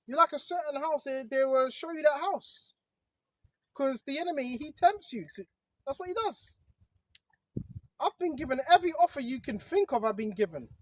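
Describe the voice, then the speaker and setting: A man's voice: very high-pitched, expressive, moderate pace, no room sound, muffled recording. A man giving a casual religious monologue to his viewers, talking conversationally and often tossing in "bro" and "right?". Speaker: online preacher.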